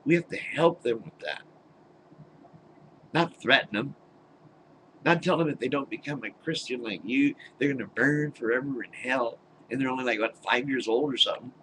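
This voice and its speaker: Against background noise, an older vlogger at home vents into his webcam in a mid-range voice. The personal rant is blunt and exasperated, full of swearing and disbelieving scoffs.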